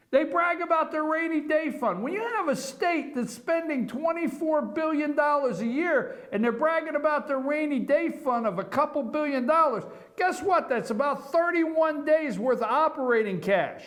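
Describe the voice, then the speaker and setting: A man's voice: extremely high pitch, measured pace, fairly bright tone. A man hosting a live online morning show from an office, delivering opinion commentary with emphatic, repeated rhetorical questions.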